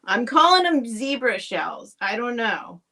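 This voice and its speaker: A woman's voice: a little high, big pitch swings, unhurried, pushed and bright. A woman hosting a live stream from a home setup. She chats casually and directly to viewers, rambling and restarting her sentences. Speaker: host selling vintage items on a live stream. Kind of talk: casual live sale chat.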